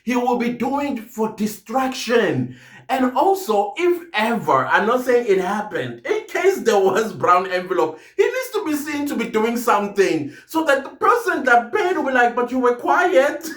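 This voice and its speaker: A man's voice: very high-pitched, big pitch swings, a little slow, a bit bright. A man giving casual commentary as a vlogger, constantly breaking into giggles. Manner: giggly, keeps breaking into laughter. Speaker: vlogger commenting on a court trial. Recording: roomy room echo.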